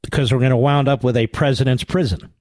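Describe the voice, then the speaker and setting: A man's voice: mid-range voice, fairly even intonation, fast, darkish tone, no echo. A man hosting a talk radio show, delivering a combative, sarcastic monologue.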